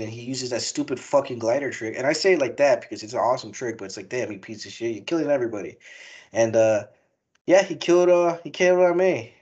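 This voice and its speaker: A man's voice: medium pitch, darkish tone, husky, lo-fi sound. A young man hosting a casual movie review podcast, talking in a rambling, profane, emotional way. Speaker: podcast host.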